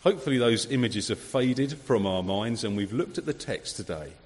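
A man preaching a sermon, conversational and lively, full of rhetorical questions. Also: mid-range voice, normal speed. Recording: long hall reverb.

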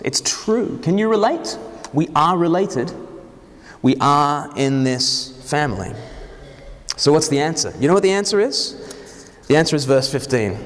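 Man, sermon, animated, questioning, echoey hall. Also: medium pitch. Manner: animated, joking, asks the congregation questions. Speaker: preacher.

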